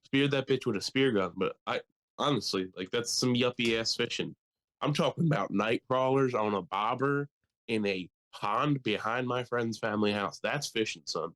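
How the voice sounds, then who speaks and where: With a mid-range, slightly bright voice at a moderate pace, a young man from Delaware co-hosts a podcast. He swears freely, jokes around in a loose, rambling chat and drops into mocking impressions now and then.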